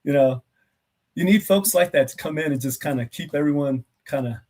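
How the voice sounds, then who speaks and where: A man's voice: a little high, brisk, a little mellow. A middle-aged man, a retired army officer and guest, talks reflectively over a video call, with plenty of filler phrases. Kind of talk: casual interview chat.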